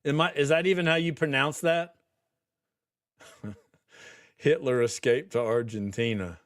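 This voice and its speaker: This man hosts a podcast livestream where he reads viewer comments and chats casually, wandering from point to point. His voice is mid-range and his pace measured, and he often laughs and begins sentences again.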